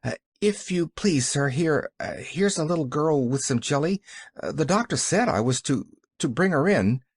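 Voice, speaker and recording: A man's voice: on the high side, expressive, normal speed, husky, no echo, studio quality. A man voicing a frightened young housemaid who stammers timidly in an audiobook.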